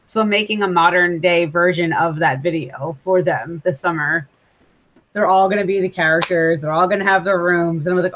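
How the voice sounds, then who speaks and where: A woman's voice: lowish voice, fairly even intonation, a little fast, dull audio, slight background noise. A woman guest who makes music videos, chatting casually and telling stories in which she quotes herself. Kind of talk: casual chat.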